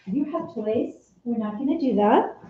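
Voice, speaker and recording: A woman's voice: a little high, lively intonation, measured pace, narrow, tinny audio, slight background noise. A woman chatting casually on a live stream while she sews at home, answering viewers' comments by name. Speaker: Etsy shop owner live-streaming while sewing.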